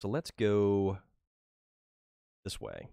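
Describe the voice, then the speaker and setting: Male gamer streamer, casual joking play-by-play, stumbles over sentence starts, slow delivery. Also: on the low side, wildly swooping pitch, creaky, warm tone, clear, resonant tone, no room sound, studio quality. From New England, USA. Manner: chatty and joking, repeats words when starting sentences. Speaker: livestream gamer. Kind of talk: casual gameplay commentary.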